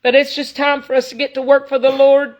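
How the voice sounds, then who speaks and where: A woman's voice: high-pitched, little pitch movement, fairly quick, low-quality recording. A woman, preaching informally to online viewers in an earnest, folksy way, full of "you know". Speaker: traveling evangelist.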